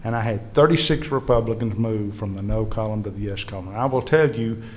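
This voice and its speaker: A lowish, slightly fast male voice belongs to a state legislative leader sharing earnest anecdotes with a history panel audience. He plays out his colleagues' words in animated fashion.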